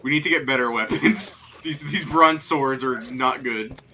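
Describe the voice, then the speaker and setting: Bright-voiced man streaming a game. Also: medium pitch, moderate pace, faint music behind. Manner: excitable, laughs often, jokey. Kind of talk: casual gameplay chat.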